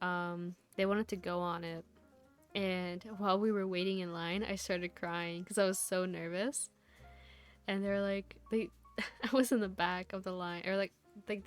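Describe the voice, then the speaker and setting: A woman VTuber chatting casually to her stream viewers, rambling through a story with lots of laughs and fillers. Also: mid-range voice.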